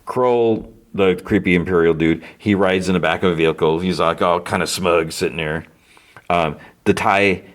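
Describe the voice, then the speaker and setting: A man with a notably deep, low voice talks through a show recap in a loose, casual way. He rambles, stacks up fillers and corrects himself as he goes, like a podcast host thinking out loud.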